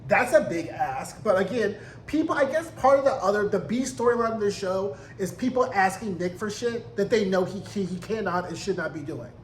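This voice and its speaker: Man, high voice, sassy, profane, animated TV recap, echoey room, faint hiss. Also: normal speed, hardly any pauses. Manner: animated, profane, sassy, acts out character quotes. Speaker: TV recap reviewer. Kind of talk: casual episode recap and commentary.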